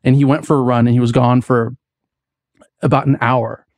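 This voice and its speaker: A man's voice: mid-range voice, level tone, moderate pace, darkish tone, no echo, clean studio sound. A young adult man from the United States, a podcast guest telling a long personal story in casual chat, full of likes and restarts. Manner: rambling, many likes and restarts.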